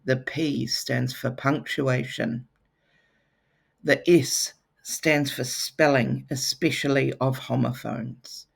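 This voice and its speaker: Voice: mid-range voice, flat delivery, slow pace, creaky, slightly rough. A teacher gives a lesson to children, with playful, teasing asides.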